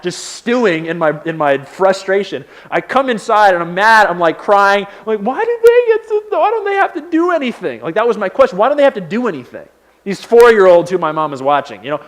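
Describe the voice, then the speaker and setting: A young man preaching as a pastor in a casual, conversational way, telling stories with lots of fillers and restarts. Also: high-pitched. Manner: conversational, animated storytelling with many fillers. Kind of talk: sermon.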